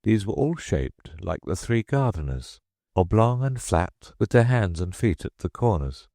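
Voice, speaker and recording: A man narrating an audiobook with a very deep voice and a measured, expressive reading. His intonation moves widely through the sentences. The recording is close and dry. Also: no room sound. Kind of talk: scripted storybook narration.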